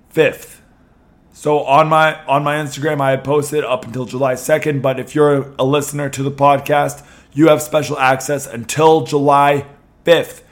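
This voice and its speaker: A young man, slightly hoarse, hosting a podcast in a chatty way with many ums and restarts. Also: on the high side, little pitch movement, moderate pace. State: losing his voice a little. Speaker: podcast host. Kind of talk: casual podcast talk.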